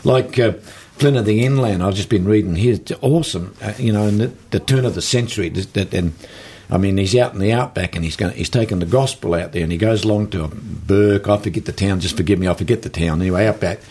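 A man with an Australian accent, a guest author telling folksy stories in an animated way during an interview. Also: lowish voice, quick pace, hardly any pauses. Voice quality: gravelly, husky. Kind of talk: storytelling interview talk.

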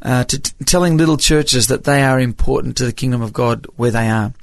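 In a storytelling interview, a middle-aged music evangelist from Papua New Guinea, Australian with a faint American edge to his accent, talks chattily, laughing and making frequent hesitant restarts. He speaks briskly at medium pitch, recorded without room sound.

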